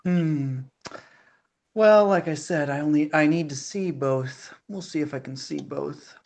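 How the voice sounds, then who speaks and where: A woman with a notably low voice chats through her turns in a tabletop game. She hesitates, trails off and fills pauses as she thinks aloud. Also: gravelly. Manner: hesitant, many fillers and soft laughs. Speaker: player. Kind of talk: casual tabletop game chat.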